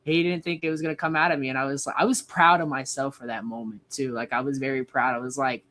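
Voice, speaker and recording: A man's voice: mid-range voice, steady tone, fast, bright, forceful tone. A young man in his twenties, a wrestler guest telling a casual story, rambling with lots of "like". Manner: rambling, heavy use of "like".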